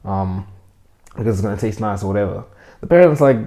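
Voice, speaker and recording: A man's voice: fairly low pitch, quick pace, long pauses, dark tone. A young man hosting a casual, earnest faith talk to his viewers, talking conversationally and acting out the voices he quotes. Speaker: host.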